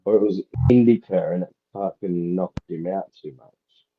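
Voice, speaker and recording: A man's voice: sits low, normal speed, slightly rough, phone-quality sound. A man co-hosting a livestream, chatting casually, swearing a lot and telling crude jokes. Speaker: livestream co-host. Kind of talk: casual chat.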